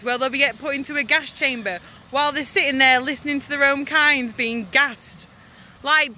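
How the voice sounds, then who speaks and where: A woman's voice: sits high, pushed and bright. A woman ranting in an indignant, emphatic vlog, repeating her points with anger. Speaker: animal rights vlogger. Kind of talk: angry vlog rant. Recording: faint street noise behind.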